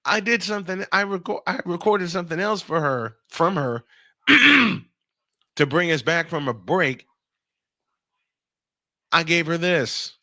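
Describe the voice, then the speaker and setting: A man hosting a radio show, telling a funny story in casual chat, animated and laughing often. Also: a little high, no room sound, clean studio sound. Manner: animated, laughing, quick bursts of speech. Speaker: radio and podcast host.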